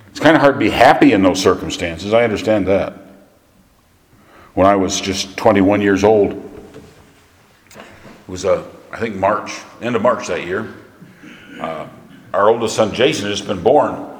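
A middle-aged man preaching a sermon, telling a plain-spoken, folksy story. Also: lowish voice. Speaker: pastor. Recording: echoey hall, long reverb.

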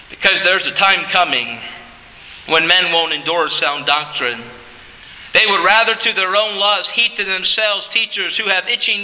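A man pastor preaching an emphatic sermon that builds at times to shouting. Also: high-pitched, big-room sound, low-quality recording.

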